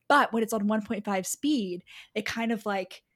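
A woman's voice: medium pitch, moderate pace. Rambling young woman podcaster. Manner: rambling, many fillers and restarts. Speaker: podcast co-host. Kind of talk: casual chat.

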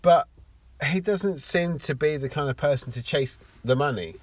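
A man's voice: a little high, normal speed, dry recording. A young man from England co-hosting a podcast in casual chat, swearing and restarting his sentences. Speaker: podcast co-host.

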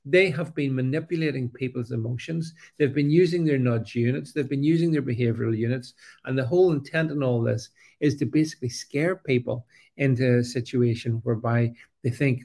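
A man talks straight to his viewers in a loose, unscripted monologue. He stops and restarts often and leans into sarcasm. His voice sits at an ordinary middle pitch. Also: gravelly, mellow. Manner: halting, many fillers and restarts, sarcastic. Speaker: political commentator. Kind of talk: casual opinion monologue.

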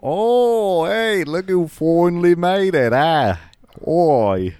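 A man's voice: expressive, takes it slowly, smooth, dry recording. A man voicing a crude, rowdy Australian bloke in improvised podcast comedy, with a put-on Australian accent. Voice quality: raised pitch, loud crude banter. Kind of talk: improvised comedy role-play.

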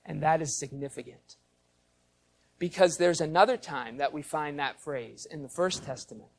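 Male pastor, fairly high voice, teacherly sermon, explains and quizzes the congregation. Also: normal speed. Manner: teacherly, explains the Greek and asks the congregation questions. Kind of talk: expository sermon.

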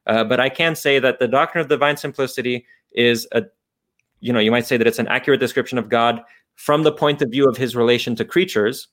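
A man's voice: medium pitch, brisk, a bit bright. A man explaining philosophical ideas off the cuff as a guest, thinking aloud with frequent restarts and fillers.

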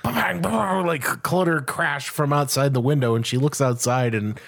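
A man co-hosting a podcast in casual chat, an animated storyteller who swears freely. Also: on the high side, normal speed, creaky. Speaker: podcast co-host. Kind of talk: casual chat, anecdote telling.

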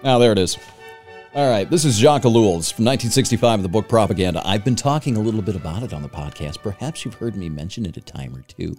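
A male podcast host with a low voice that swings widely in pitch. He talks in an impassioned, swearing, emphatic manner, hammering his points home. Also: expressive, quick pace, darkish tone, soft background music. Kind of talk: casual chat and ranting.

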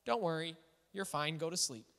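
A man's voice: on the high side, moderate pace, creaky, sharp tone. A man putting on the voice of a parent, breezily reassuring a child at bedtime. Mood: falsely soothing. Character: parent calming a child at bedtime, falsely soothing. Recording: echoey hall.

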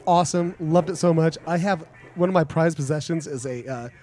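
Male podcast co-host, slightly high voice, animated storyteller. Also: fairly quick. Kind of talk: casual podcast chat.

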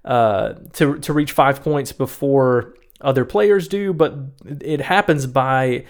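Man, mid pitch, casual podcast co-host, rambling, self-correcting. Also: slow pace. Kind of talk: casual chat about board games.

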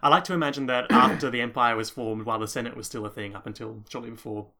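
A man co-hosts a podcast in casual chat. His voice is bright and forward, and he talks fast and wry. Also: medium pitch, steady tone. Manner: fast, wry and opinionated, laughs often. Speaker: podcast co-host.

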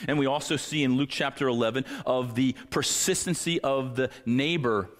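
Pastor preaching in a reverberant church. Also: male voice, medium pitch, moderate pace. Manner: earnest preaching, acts out pleading voices. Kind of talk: sermon. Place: church sanctuary.

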